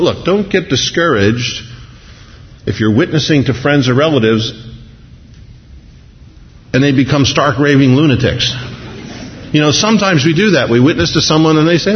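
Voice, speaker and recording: Animated preacher in a reverberant hall. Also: male voice, medium pitch, normal speed. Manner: animated storytelling, acting out crowd voices. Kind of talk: sermon. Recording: dull sound in a large reverberant hall.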